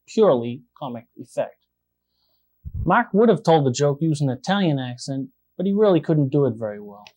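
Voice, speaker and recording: A man's voice: a little high, darkish tone. A man announcing a mock-official disclaimer on a comedy show, dry and formal.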